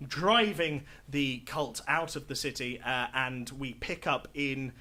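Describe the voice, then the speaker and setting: A man's voice: medium pitch, takes it slowly, pushed and bright. A man hosting a live tabletop role-playing show as game master, chatty and upbeat with many fillers. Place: live stage show before an audience.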